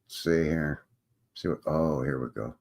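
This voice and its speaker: A man's voice: a bass voice, a little slow, a little mellow, slightly rough. A man with a Canadian accent hosting a livestream Q&A in a loose, joking, meandering way. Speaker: livestream host. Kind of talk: casual rambling livestream chat.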